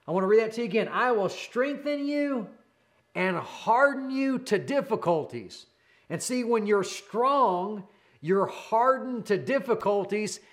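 A man preaching a sermon with fervent energy, repeating key phrases and calling the listener "friend", speeding up when he gets excited. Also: sits high.

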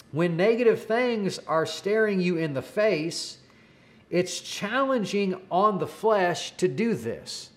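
Male preacher, slightly high voice, earnest storytelling sermon with stumbling repeats.

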